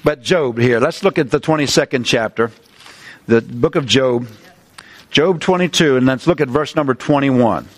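A man preaching a sermon, animated, climbing in pitch on his points and chatting loosely between scripture readings. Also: normal speed. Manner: animated preaching, rising pitch on emphasis, asides and restarts.

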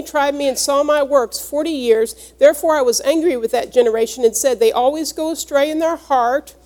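Woman preacher, high voice, earnest teaching sermon delivery. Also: a little mellow. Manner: earnest, teaching, explains each word. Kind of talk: sermon with scripture reading.

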